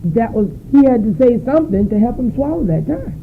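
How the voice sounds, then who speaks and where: A woman sharing her story at a recovery meeting, emotional and searching, often halting. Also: on the high side, sing-song. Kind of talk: personal share at a meeting. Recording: tinny phone-like recording with faint noise.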